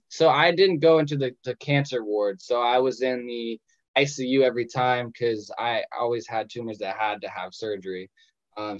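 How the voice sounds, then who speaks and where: A man's voice: medium pitch, no echo, lo-fi sound. A man in his twenties telling his own story in a casual, self-mocking way on a video call. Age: 20s. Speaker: patient sharing his story.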